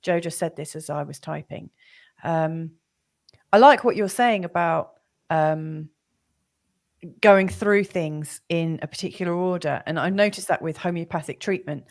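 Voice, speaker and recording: A woman's voice: fairly low pitch, a little slow. A woman hosting a conversation, asking questions in a hesitant way with frequent "um"s. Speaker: host. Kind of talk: conversational interview.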